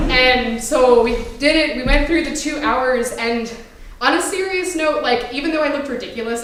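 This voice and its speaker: Self-mocking woman telling a story on stage. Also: a little high. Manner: wry, self-mocking, profane. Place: small theater with audience. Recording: echoey room recording from far off, with noise. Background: audience laughter.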